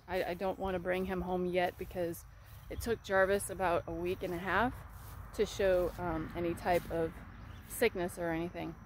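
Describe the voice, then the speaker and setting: A woman vlogging outdoors in a rural paddock as she tends her horse, talking casually to the phone camera in a soft, chatty way. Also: on the low side, slight background noise. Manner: chatty, soft-spoken, fond baby talk to the horse. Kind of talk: casual vlog talk to camera. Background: birds and outdoor ambience.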